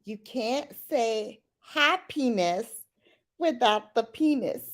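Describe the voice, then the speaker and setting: A woman's voice: fairly high pitch, animated, takes it slowly. A woman hosting a casual late-night livestream on her laptop mic. She laughs often and greets viewers by name. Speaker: livestream host.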